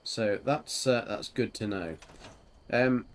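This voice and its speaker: A man with a medium-pitched voice streams a game and chats slowly and casually with a teammate. He rambles, using lots of fillers and giggling.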